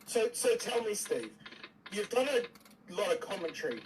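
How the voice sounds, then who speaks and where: A man's voice: high voice, big pitch swings, moderate pace. A man off camera asking the host questions in a casual, prompting way. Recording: distant voice with audible noise.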